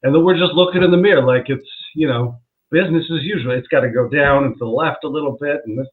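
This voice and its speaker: A man's voice: fairly high pitch, fast. A man, a comedian guest, telling a story in casual chat, laughing as he goes and acting out what people said. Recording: tinny phone-like line.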